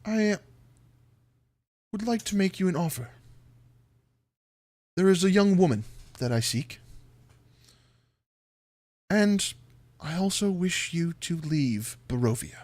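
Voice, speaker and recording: A man voicing a courtly, menacing male vampire lord who speaks slowly and formally at a game table. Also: high-pitched, lively intonation, a little mellow, no echo, pitched above the performer's own voice, full character voice. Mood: sinister. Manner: slow, formal, hospitable yet creepy.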